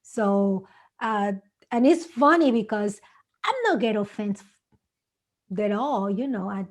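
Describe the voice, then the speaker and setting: A woman from Mexico whose first language is Spanish speaks English with a Mexican accent, telling animated stories in simple, non-native English on a conference panel. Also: mid-range voice, slow, long pauses. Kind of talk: casual panel talk.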